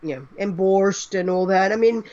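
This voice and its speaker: A woman co-hosting a casual fan podcast, animated and explaining at length. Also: mid-range voice, moderate pace, lo-fi sound. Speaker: podcast co-host.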